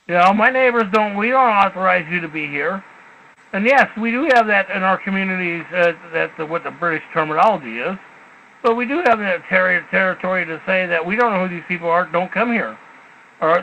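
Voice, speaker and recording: A man's voice: sits high, sharp tone, dull audio, slight background noise. A man hosting a casual radio talk show, blunt and rambling, with profanity.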